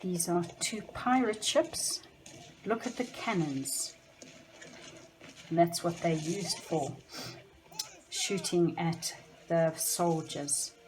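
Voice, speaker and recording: A woman's voice: lowish voice, slight background noise. A woman teaching young children, speaking to them directly in a sing-song way.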